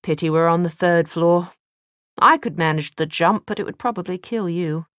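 A woman's voice: on the low side, moderate pace, no echo, close to an everyday voice. A woman voicing a cheerful, flippant young British man with a dry, mocking manner, read from a novel. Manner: teasing, dryly mocking.

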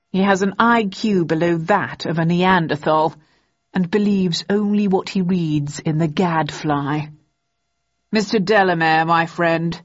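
A woman's voice: lowish voice, dry recording, muffled recording. A woman reading aloud, voicing a suave, gleeful male master villain who mocks and gloats in a drawling, theatrical way. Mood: mocking.

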